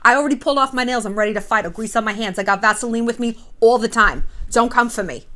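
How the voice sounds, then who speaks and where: A woman's voice: on the high side, quick pace, pushed and bright. A woman putting on a streetwise Staten Island Italian tough-girl voice, brash and ready to fight. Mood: combative.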